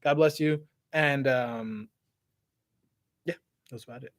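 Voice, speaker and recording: A man's voice: medium pitch, slow, no room sound. Slangy male livestream host, dry sound. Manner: slangy, animated, trails off. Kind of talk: casual livestream Q&A. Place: outdoors by parked cars.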